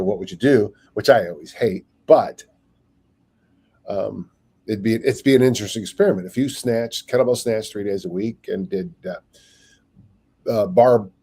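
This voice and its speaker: A man's voice: fairly low pitch, vocal fry, dark tone, husky. An older man, a strength coach, rambling through stories and acting out little quotes in casual podcast talk. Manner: rambling storyteller, acts out quotes.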